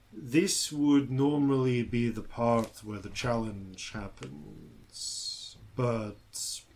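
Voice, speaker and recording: A man running a tabletop game, describing scenes slowly and with lots of pauses and ums. His voice sits at an ordinary middle pitch. A faint ambient hum runs underneath. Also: rough recording. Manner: unhurried, halting narration with many fillers. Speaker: dungeon master.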